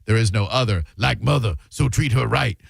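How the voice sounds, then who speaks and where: A man's voice: medium pitch, moderate pace, creaky, husky, no echo. A man hosting a radio show, riffing animatedly in comedic studio banter. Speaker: radio host. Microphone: studio microphone.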